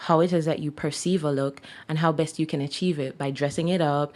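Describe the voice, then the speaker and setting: A woman's voice: low voice, steady tone, a little fast, darkish tone. A woman in her thirties with a Jamaican accent, chatting as a guest in an interview and laughing often. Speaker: guest, clothing designer. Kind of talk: casual interview.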